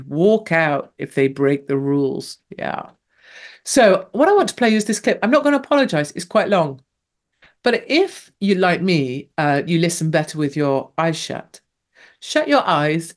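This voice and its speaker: Enthusiastic woman hosting a talk show. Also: on the low side. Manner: enthusiastic, conversational, reads listener comments. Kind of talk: casual radio talk show chat.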